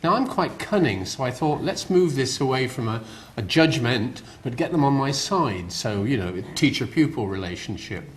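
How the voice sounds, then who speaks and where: A man's voice: medium pitch, expressive, moderate pace, a little hiss or hum. An older man with a West Country accent giving a public lecture, rambling and dryly self-deprecating. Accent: West Country English. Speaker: guest lecturer. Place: lecture hall.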